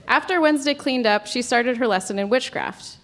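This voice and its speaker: A woman's voice: on the high side, fairly quick, a bit bright. A woman at a live reading show, reading aloud a story she wrote as a child, in an amused way.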